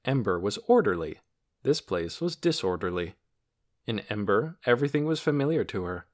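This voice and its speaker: A man narrating an audiobook chapter in an expressive storytelling manner. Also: moderate pace. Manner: expressive storytelling with lively pitch. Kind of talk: scripted narration.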